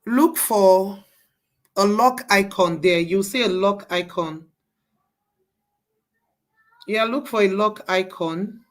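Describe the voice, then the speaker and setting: A woman's voice: medium pitch, slow pace, pauses often. A woman leading a live class, walking students through each step and repeating herself to coax them along. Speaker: bootcamp instructor.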